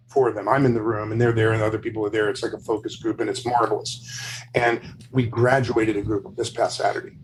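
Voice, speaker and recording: A man's voice: mid-range voice, a little hiss or hum, low-quality recording. A man who is a guest on a podcast, telling stories with enthusiasm over a video call. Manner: enthusiastic, storytelling with acted quotes. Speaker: podcast guest, brand consultant. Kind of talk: casual interview chat.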